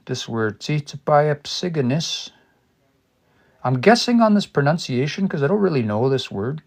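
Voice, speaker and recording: A man studying a language on a casual livestream, thinking aloud and sounding out new words slowly and repeatedly. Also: mid-range voice, lively intonation, vocal fry, a little mellow, slightly rough. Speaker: language teacher.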